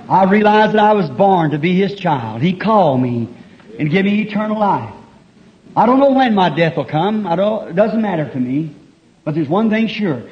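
Male preacher, folksy storyteller, fervent, high voice, old lo-fi tape. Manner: fervent, builds to shouting; folksy storytelling with repeated refrains. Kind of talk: sermon. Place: church meeting. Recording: dull lo-fi early 1960s tape.

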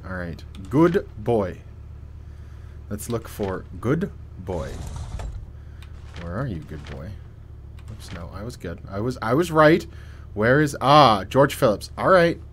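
A man giving casual, joking commentary while playing a horror game. He reads on-screen text aloud and swings between quiet muttering and loud yelps. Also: fairly low pitch, big pitch swings, slow pace, pauses often, slight background noise. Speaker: let's play gamer.

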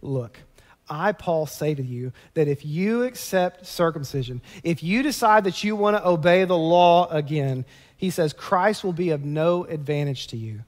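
Male pastor, high-pitched and impassioned, sermon in a reverberant sanctuary. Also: expressive, moderate pace. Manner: impassioned, conversational preaching with rising emphasis. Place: church sanctuary. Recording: long church-hall reverb.

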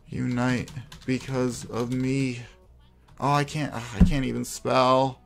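A man narrates his gameplay in a slow, unhurried drawl with a gravelly, creaky edge to his voice. He plays up theatrical self-pity, sighing heavily between lines. Faint music sits quietly behind him. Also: medium pitch, flat delivery. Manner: theatrical self-pitying despair with heavy sighs. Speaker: gameplay video creator. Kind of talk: melodramatic gameplay commentary.

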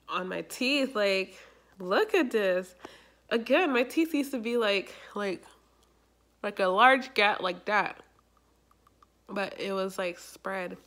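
A young adult woman chatting casually in a vlog, rambling and animated, with lots of fillers. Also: mid-range voice. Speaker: YouTuber.

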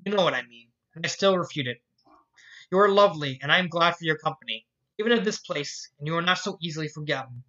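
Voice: mid-range voice, lively intonation, quick pace, sharp tone. Rarity, an elegant caring lady voiced by a reader. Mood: reassuring. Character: elegant, caring young woman who calls people darling. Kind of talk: fan fiction read aloud. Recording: dull lo-fi recording.

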